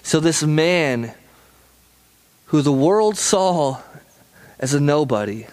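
A man preaching a sermon, animated, acting out the lines of the people in the story, often repeating and restarting words. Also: fairly high pitch, slow pace. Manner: animated, acts out dialogue with repetitions and restarts. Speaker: pastor.

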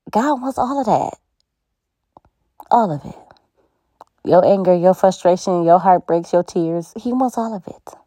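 A woman's voice: on the low side, mellow, dry recording. Encouraging woman host, dry close sound. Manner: conversational, preachy, laughs often. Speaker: podcast host. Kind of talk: encouraging faith-based pep talk.

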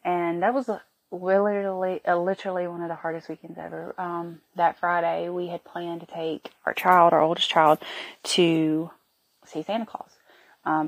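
On her podcast, a host in her thirties tells a personal story, sounding sick and worn out. Her fairly low voice comes out emotional and halting.

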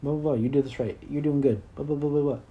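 A man voicing the calm main voice in his head that tells him he is doing well. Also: fairly high pitch, fast talker, phone-quality sound, voice pushed up, lightly acted. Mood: encouraging. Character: calm, encouraging main inner voice.

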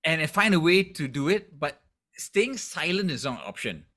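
A man's voice: fairly high pitch, big pitch swings, moderate pace, pushed and bright. A man co-hosting a casual comedy podcast who talks earnestly and reflectively, with lots of "you know" and "right".

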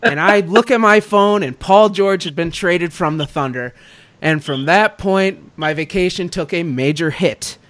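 A young man co-hosts a casual sports podcast. He vents as an exasperated fan in a slightly high voice. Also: measured pace, fairly bright tone. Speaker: podcast co-host.

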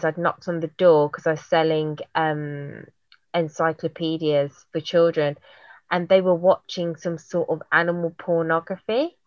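A woman with a British accent, of Jamaican heritage, telling lively stories in casual chat and acting out the voices of people she quotes. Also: on the low side, no echo, lo-fi sound. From Jamaican heritage, raised in Britain. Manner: animated storyteller, acts out quoted voices.

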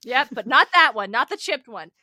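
A young woman co-hosting a casual talk show, animated and quick to act out characters' lines. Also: high voice. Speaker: podcast co-host. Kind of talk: casual chat.

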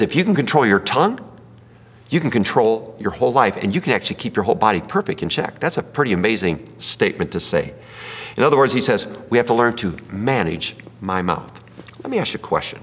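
A male pastor preaches with a husky, lively voice that rises and falls a lot. He jokes, tells little stories and turns to the room with questions. His words carry a long reverb from the hall. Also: lowish voice, fairly quick. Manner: folksy, joking, asks the room questions. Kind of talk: sermon with jokes and audience questions.

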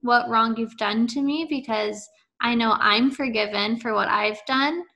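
A woman's voice: a little high, unhurried, pushed and bright. A woman hosting a faith-based interview, talking in an encouraging, conversational way. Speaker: interview host.

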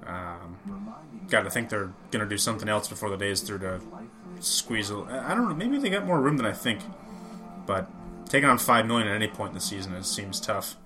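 A man co-hosting a casual sports chat, talking in a relaxed way with wry side comments and frequent restarts. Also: fairly low pitch, brisk, over music. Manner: laid-back, wry asides, hesitant restarts. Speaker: podcast co-host.

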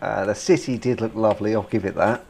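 A man's voice: lowish voice, fast talker, vocal fry. Laughing British man chatting about games. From Britain. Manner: animated, laughs while talking, many fillers. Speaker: podcast co-host. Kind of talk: casual gaming chat.

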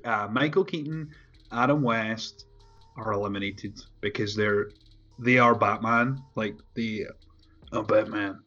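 A laid-back man with a lowish, unhurried voice and a sharp tone chats casually, swearing freely and leaning on plenty of fillers. The recording sounds dull and lo-fi, with faint music behind him.

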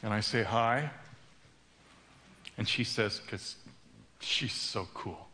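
A man preaching a sermon with animated storytelling that swings into loud outbursts. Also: lowish voice, measured pace, slight background noise. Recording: long hall reverb.

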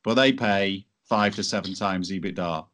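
A man's voice: sits low, moderate pace, fairly bright tone, slight background noise. A man telling a business story as an interview guest, in a chatty way with many restarts. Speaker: entrepreneur guest.

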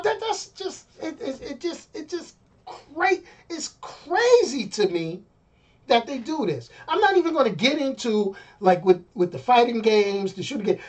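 A middle-aged man ranting on a casual live stream, animated and exasperated, often repeating himself. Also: sits high.

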